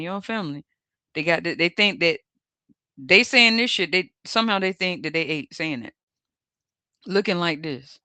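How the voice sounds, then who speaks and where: Mocking, animated host, cursing freely. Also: medium pitch, no echo. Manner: mocking, laughs often, coarse slang. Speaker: tarot channel host. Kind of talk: profane mocking commentary over images.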